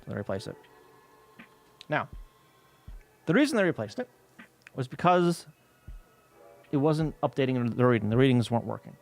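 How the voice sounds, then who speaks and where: A man's voice: mid-range voice, lively intonation, normal speed, pauses often. A man streaming while scanning old workbooks, ranting about a utility bill in casual, heavily profane chat.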